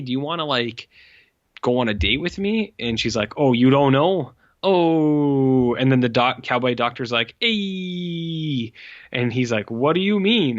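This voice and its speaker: A man's voice: medium pitch, a bit bright, no echo. A man co-hosting a podcast, casually retelling a horror movie's plot with lots of fillers and acted-out character lines. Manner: rambling, heavy "like" fillers, acts out characters' lines. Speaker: podcast co-host. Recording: dry, dull lo-fi podcast mic.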